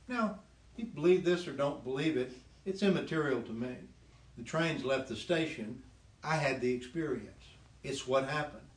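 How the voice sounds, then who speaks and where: A man casually telling the story of his faith testimony, animated and laughing often, dropping lower when he quotes God. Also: moderate pace, echoey room. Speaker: guest sharing his testimony.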